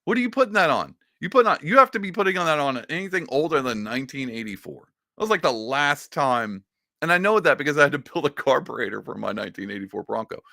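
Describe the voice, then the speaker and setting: A man's voice: fairly high pitch, animated, fast, creaky, sharp tone, no echo, studio quality. A man hosting a casual reaction commentary, talking in a sarcastic, mocking and rambling way. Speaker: political commentary host.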